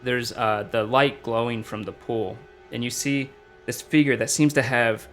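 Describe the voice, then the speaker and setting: A man's voice: medium pitch, a bit bright. A man running a tabletop game as dungeon master, describing scenes casually with fillers.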